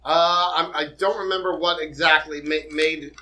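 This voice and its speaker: A man with a bright, forceful voice co-hosts a casual podcast, breaking in with quick reactions and wry asides. He sounds a little off the mic in an echoey room. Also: a little high, steady tone, far from the mic. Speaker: podcast co-host. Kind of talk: casual chat.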